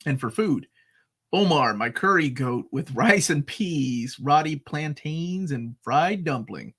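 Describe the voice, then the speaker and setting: A man's voice: on the high side, animated, slow, fairly bright tone, husky. A man co-hosting a casual live chat, joking and reading out viewer comments. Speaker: co-host.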